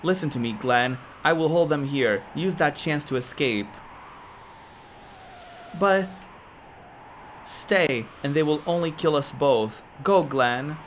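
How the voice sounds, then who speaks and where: A woman's voice: low voice, animated, takes it slowly, pauses often, a little hiss or hum. A woman reading the lines of a noble male knight who urges his comrade to flee, earnest and pleading. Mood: urgent. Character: noble male knight, self-sacrificing mentor.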